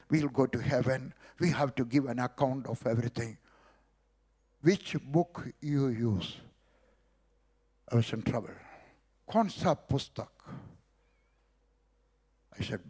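A man's voice: medium pitch, normal speed, slightly rough. A middle-aged man from South India with an Indian accent, telling a story as a sermon and acting out the dialogue. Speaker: preacher. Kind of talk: sermon testimony.

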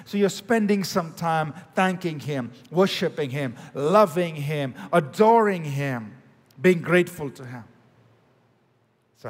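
A man with a fairly high voice preaching in a sermon, moving from ringing declarations down to soft, prayerful murmurs. He voices sample prayers as though praying them himself. A long reverb trails each phrase, as in a large church hall. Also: lively intonation, takes it slowly. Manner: swings between loud declaring and hushed prayerful tones; acts out sample prayers in his own voice. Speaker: pastor.

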